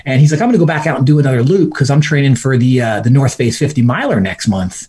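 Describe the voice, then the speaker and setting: A man's voice: medium pitch, fast, breathy edge. A man guesting on a podcast, telling a casual story with lots of fillers, laughing as he goes and acting out what he and others said. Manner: animated, laughs mid-story, acts out his own quotes.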